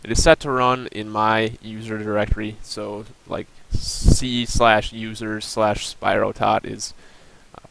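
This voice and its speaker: Young male student presenter, lowish creaky voice, plain explanatory delivery for a recorded screen demo. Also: fairly bright tone, rough recording. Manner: plain explanatory, walks through steps with um and uh.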